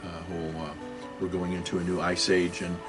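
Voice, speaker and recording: A computer security educator records his own talk, lecturing in a low, monotone voice at a brisk clip over soft background music. He comes across as agitated and rambling, apologizing and restarting often.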